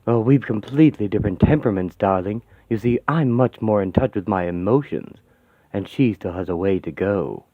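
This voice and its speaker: A man's voice: fairly low pitch, expressive, normal speed, no echo, pitched below the performer's own voice. A man voicing a flamboyant male occult artist who speaks languidly and calls people darling, in a fan radio-play comic. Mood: breezy. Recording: tinny, dry, phone-like sound.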